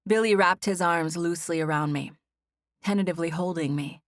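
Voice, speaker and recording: A woman reads a first-person novel aloud in a gentle, even voice that sits a little low. The studio sound is dry and close, with no room around it. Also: a little fast, no room sound. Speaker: audiobook narrator. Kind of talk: scripted first-person narration.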